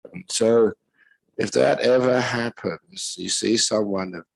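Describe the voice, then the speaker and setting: A man, a Buddhist monk teacher, giving a retreat talk with gentle, unhurried storytelling and pauses. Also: lowish voice, vocal fry, no room sound, low-quality recording.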